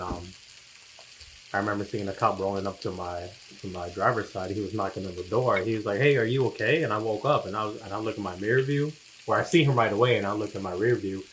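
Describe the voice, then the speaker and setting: A man's voice: fairly low pitch, a bit bright, a little hiss or hum, low-quality recording. A man casually telling a personal story as co-host of a couple's chat, laid back and slangy, acting out what he and others said.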